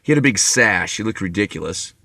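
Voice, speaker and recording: A man's voice: fairly low pitch, lively intonation, fairly quick, creaky, bright, forceful tone, no room sound. A man telling a long, rambling story to camera, profane and wry. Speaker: vlogger. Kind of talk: rambling monologue.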